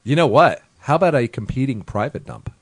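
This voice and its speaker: Man, lively intonation, sarcastic humor, casual chat, dry recording. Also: medium pitch, brisk, dry recording.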